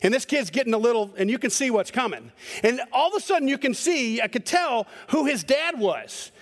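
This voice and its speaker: Male pastor, storytelling sermon, high voice, long reverb. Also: brisk. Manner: storytelling, animated, repeats words.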